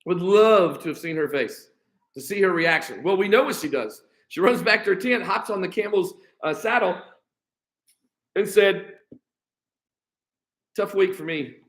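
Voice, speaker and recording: An American pastor with a bright, high-pitched voice leads a midweek Bible study. He reads passages aloud, then slips into loose modern paraphrase to explain them. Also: expressive, moderate pace, poor audio. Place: church.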